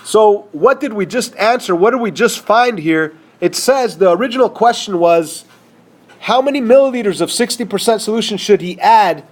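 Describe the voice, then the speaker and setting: Male math teacher, high voice, casual and conversational, checks understanding often. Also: expressive, normal speed. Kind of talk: whiteboard math lesson.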